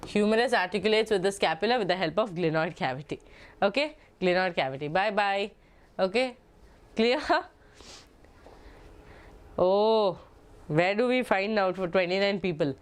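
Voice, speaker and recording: A woman's voice: mid-range voice, animated, moderate pace, pauses often. A young woman teaching a biology lecture in Malayali-accented English, chatty and repetitive, often checking in with "okay?" and "no?". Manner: chatty, repeats herself, asks "okay?" and "no?". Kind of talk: online exam-prep lecture.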